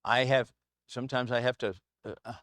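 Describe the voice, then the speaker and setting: A man leads an informal Bible class in a church room, mid-pitched and easygoing. He drifts into anecdotes and chuckles often between points. His voice sounds dry and close, with little room around it. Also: flat delivery, fairly quick, a bit bright, no room sound. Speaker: Bible study teacher. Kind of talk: casual Bible class teaching. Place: church classroom with a small group.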